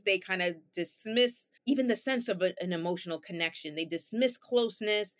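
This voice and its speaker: A woman's voice: lowish voice, brisk, hardly any pauses. A woman therapist, a guest on an interview podcast, patiently explaining ideas with everyday examples and rhetorical questions.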